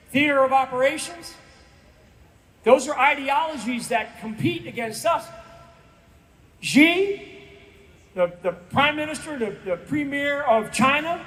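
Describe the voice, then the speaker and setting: Older man in his 60s, guest speaker at a rally; very high voice, emphatic and repetitive, pleading tone. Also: fairly bright tone. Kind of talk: rally speech. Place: event stage.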